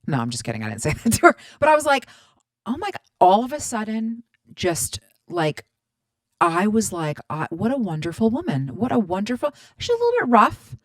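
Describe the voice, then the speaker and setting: A woman in her thirties hosting a podcast, telling stories in a chatty, animated way, swearing freely and acting out both sides of each exchange. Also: mid-range voice, normal speed, dry recording. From Middle Eastern background. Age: 30s. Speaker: podcast host. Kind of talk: casual storytelling monologue.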